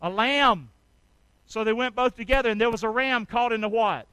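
A male preacher with a very high, bright, forceful voice. He leads his congregation in call-and-response, having them repeat after him. His delivery swings between loud exhortation and hushed asides, recorded close and dry. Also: steady tone, fast talker, clear, resonant tone, no echo, poor audio. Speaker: pastor. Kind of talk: sermon.

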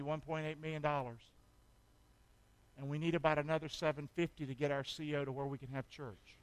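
A man preaching a sermon as pastor, calling for amens and swinging from loud shouts to hushed asides. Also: on the high side.

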